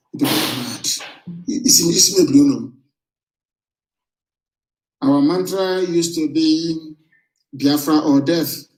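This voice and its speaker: A man giving a fiery, defiant broadcast address as a movement leader. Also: a little high. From southeastern Nigeria. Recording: roomy echo.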